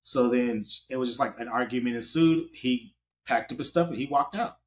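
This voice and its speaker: A man, a wedding photographer, telling stories in a casual, animated interview. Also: medium pitch, normal speed. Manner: animated, hustling storyteller. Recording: dull lo-fi audio.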